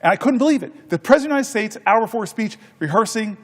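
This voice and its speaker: Middle-aged male senator, high voice, storytelling on the floor, halting delivery, echoing hall. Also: animated, fairly bright tone. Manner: halting, repeats words, folksy anecdotes. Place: large legislative chamber. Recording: long reverb of a large chamber.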